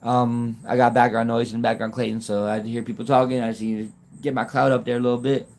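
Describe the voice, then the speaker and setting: Man, casual livestream chat, phone mic, rambling, halting, laughs a lot, mid-pitched voice. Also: level tone, a little mellow. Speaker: YouTube livestreamer.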